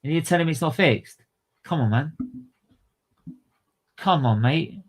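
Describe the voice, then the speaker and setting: This livestream host gets fired up over motorsport, swearing, using slang, and repeating himself as he goes. He speaks at a measured pace in a slightly high, expressive voice.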